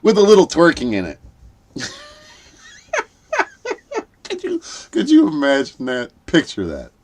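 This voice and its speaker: A man's voice: on the high side, wildly swooping pitch, measured pace, darkish tone. Rambling crude older man streaming late. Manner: crude, cackling and rambling, swearing often. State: punch-drunk from staying up late. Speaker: livestream host. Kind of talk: late-night livestream chat.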